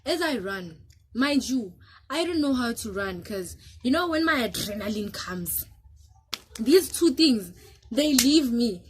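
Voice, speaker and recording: A South African woman vlogger casually telling a story to camera, animated and switching between English and local languages. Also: fairly high pitch, measured pace, a little hiss or hum.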